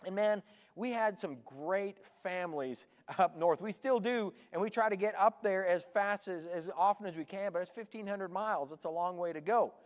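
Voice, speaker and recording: A Canadian-born pastor in his forties gives a light, joking sermon in a high, bright voice. His words ring out with a long reverb through a big church hall. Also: moderate pace. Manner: chatty, joking with the congregation. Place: church sanctuary.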